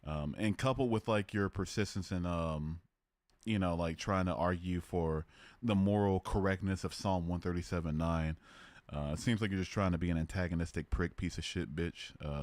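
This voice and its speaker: A man's voice: low voice, moderate pace, darkish tone, no room sound. A young man hosting a live stream, chatting casually with viewers and mocking trolls in the chat. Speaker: livestream host.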